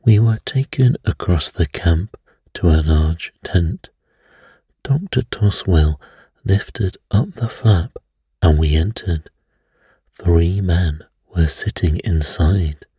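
A man reading a mystery aloud as a bedtime story in a soft, soothing way. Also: low-pitched, takes it slowly, breathy edge, no room sound, studio quality.

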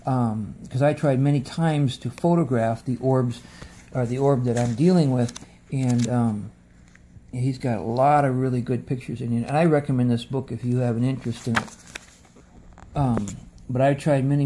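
A man's voice: medium pitch, fairly even intonation, moderate pace, warm tone, a little hiss or hum. A man speaking into a phone camera in an earnest, casual monologue, often repeating words for emphasis. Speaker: video presenter.

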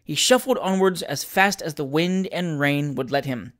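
Man reading classic fiction expressively. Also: on the high side. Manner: expressive, measured storytelling. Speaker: podcast host and reader.

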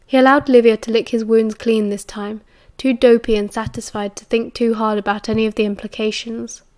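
A woman with a British accent reading an audiobook in a measured, expressive way. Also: fairly high pitch. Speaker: audiobook narrator. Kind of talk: audiobook narration.

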